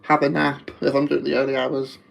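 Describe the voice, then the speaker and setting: A man's voice: medium pitch, little pitch movement, a little fast, gravelly, rough recording. A man with a Wolverhampton accent chatting casually on a live stream, rambling and laughing often.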